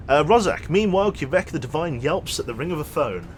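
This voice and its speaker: A young man casually commentating his gameplay on a livestream, chatty and quick to launch into an animated story. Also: fairly high pitch, a little hiss or hum. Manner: chatty, animated storyteller who thanks subscribers. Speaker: streamer.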